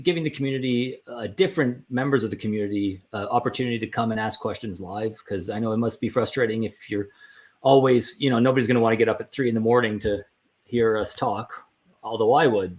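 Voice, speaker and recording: A man's voice: mid-range voice, fairly even intonation, fast. A man, a team member chatting casually on a livestream, friendly and rambling with frequent restarts.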